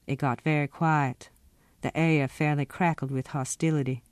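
A woman author reading from her own novel in a steady, expressive first-person narration. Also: low voice, moderate pace, no echo.

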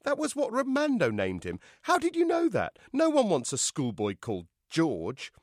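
A man's voice: wildly swooping pitch, normal speed, no echo, studio quality, heavily acted. A man voicing a disapproving middle-aged mother. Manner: grimacing, shrill disapproval.

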